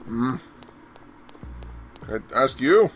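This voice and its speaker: A man's voice: mid-range voice, sing-song, very slow, soft background music. A man commenting on a video game, reading the dialogue aloud with sarcastic, bored asides. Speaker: let's play commentator. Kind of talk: casual gameplay commentary.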